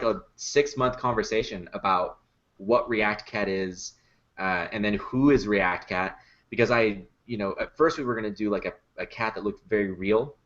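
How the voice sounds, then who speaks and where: Male puppet builder, low-pitched, chatty and quick to laugh; dull lo-fi podcast sound. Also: fairly bright tone. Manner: laughs easily, chatty storytelling with many fillers. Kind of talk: casual podcast chat.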